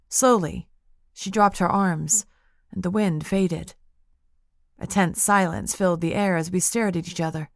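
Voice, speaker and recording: A woman reading first-person narration of an audiobook in a measured, intimate way. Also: on the low side, no room sound, clean studio sound.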